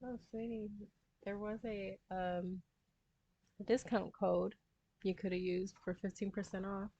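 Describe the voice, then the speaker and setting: A woman's voice: medium pitch, level tone, a little slow, warm tone, husky, no echo, lo-fi sound. A woman hosting a casual cross-stitch livestream, reading viewer comments aloud and chatting back to them. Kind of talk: casual live-stream chat.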